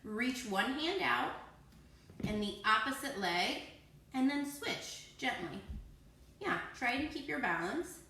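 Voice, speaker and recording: Bright, playful woman leading kids' yoga. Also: fairly high pitch, big pitch swings, slow pace, slight background noise. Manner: encouraging, playful, cueing poses and breaths. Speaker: kids yoga teacher. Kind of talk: guiding a children's yoga class. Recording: echoey room.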